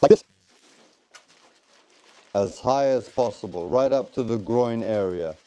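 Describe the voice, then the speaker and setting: A man's voice: fairly low pitch, measured pace, warm tone. A man instructing trainees in tactical first aid, coaching them step by step and repeating short encouragements. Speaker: military tactical medicine instructor.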